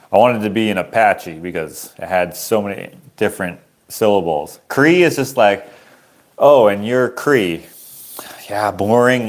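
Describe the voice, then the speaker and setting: A man from Canada, an artist chatting casually and rambling on a livestream while selling his prints. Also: deep voice. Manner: rambling, easygoing, chuckles at himself.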